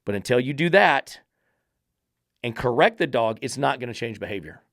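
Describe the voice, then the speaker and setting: A man's voice: medium pitch, animated, normal speed, a bit bright, no echo, studio quality. A man hosting a dog training podcast, lecturing emphatically with repeated rhetorical questions. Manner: preachy, repetitive rhetorical questions.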